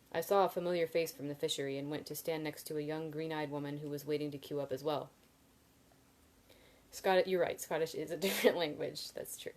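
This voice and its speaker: A deep, darkish female voice reads from a novel during a livestream, pausing to chat casually with her audience and laughing at what they comment. The recording sounds rough.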